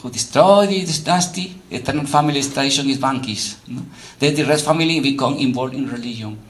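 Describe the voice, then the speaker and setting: A man's voice: medium pitch, a little fast, a bit bright. A man giving an emphatic religious lecture, often repeating himself and saying "you know".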